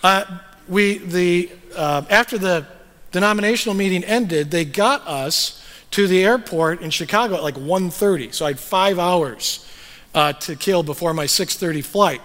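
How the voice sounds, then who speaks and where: Speaking at normal speed in a voice that sits high and fairly bright, this male pastor addresses his congregation in the sanctuary, where a long reverb tail trails his words. He relates his sermon like a conversational story, using lots of fillers.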